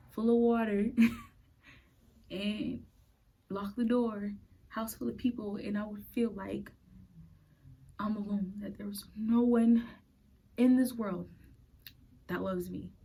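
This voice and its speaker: A woman in her late twenties hosting a podcast. She tells her personal faith story in an earnest, halting way and is close to tears. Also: a little high, vocal fry, mellow, low-quality recording. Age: late 20s. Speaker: podcast host.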